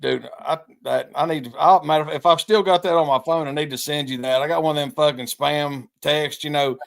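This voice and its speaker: A man's voice: fairly high pitch, fairly even intonation, fairly quick, vocal fry. A man co-hosting a podcast in casual chat, rambling and profane as he tells stories. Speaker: podcast co-host.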